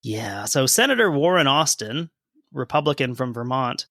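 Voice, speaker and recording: A man's voice: medium pitch, very animated, normal speed, sharp tone, no room sound. A man co-hosting a history podcast, reading old news quotes aloud and adding dry jokes. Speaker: podcast co-host. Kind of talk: history podcast narration and chat.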